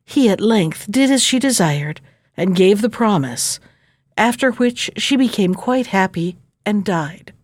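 A woman narrating a fairy tale in a gentle, measured reading voice. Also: mid-range voice, lively intonation, no room sound, clean studio sound.

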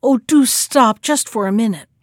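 A woman voicing an eager young peasant girl who cries out in excited, breathless delight. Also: a little high, moderate pace, no room sound, studio quality, lightly acted.

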